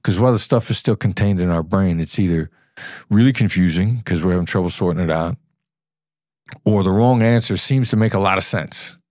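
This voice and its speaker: A man with a very low, deep voice talks through his ideas in an earnest, explanatory way, now and then demonstrating tones of voice. The sound is dry and close, with no room echo. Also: a little fast, a little mellow. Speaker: podcast guest, former FBI negotiator. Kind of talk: conversational interview.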